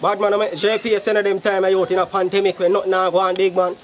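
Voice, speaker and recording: A hot-tempered gangster with a Jamaican accent, played by a man, badgers someone again and again, swinging between threats and begging. His voice sits very high for a man. The skit is recorded outdoors. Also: little pitch movement, racing, a crowd in the background, close to an everyday voice. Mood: demanding. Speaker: skit actor. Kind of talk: comedic skit acting in patois.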